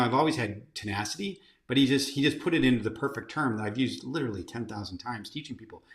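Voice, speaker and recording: Storytelling man in an echoey room. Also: medium pitch. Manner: animated anecdotes, many fillers and restarts. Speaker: company CEO, guest. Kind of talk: storytelling in an interview.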